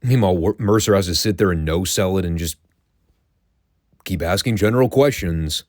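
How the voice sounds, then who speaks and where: A man's voice: low voice, normal speed, darkish tone, no room sound, clean studio sound. A man hosting a show, giving a casual, wry recap of old wrestling episodes and swearing now and then. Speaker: podcast host reviewing classic wrestling.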